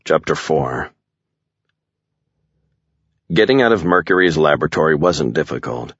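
A man giving a grim, measured first-person narration of an audiobook. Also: extremely low pitch, expressive, fairly bright tone, no room sound, highs cut off.

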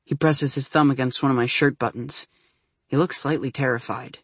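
A man's voice: mid-range voice, steady tone, moderate pace, fairly bright tone, slightly rough, dry recording. A man reading a first-person story aloud, intimate and anxious, often tipping into flustered rambling. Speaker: audiobook narrator. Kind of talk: scripted first-person narration.

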